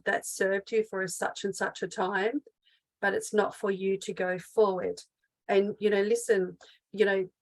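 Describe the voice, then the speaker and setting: A middle-aged woman coaches her listeners through spiritual healing in a loose, unscripted talk. Her voice sits at an ordinary pitch for a woman, and she speaks earnestly, circling back with fillers and restarts. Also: poor audio. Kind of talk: unscripted teaching monologue.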